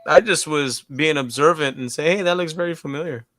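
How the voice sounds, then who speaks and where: A man's voice: a little high, brisk, a bit bright, no echo, studio quality. A man co-hosting a live movie watch-along, joking and swearing in casual chat. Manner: profane, jokey. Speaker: podcast co-host.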